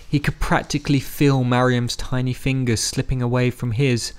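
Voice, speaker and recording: A man narrating an audiobook in a steady, measured storytelling manner. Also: mid-range voice, smooth.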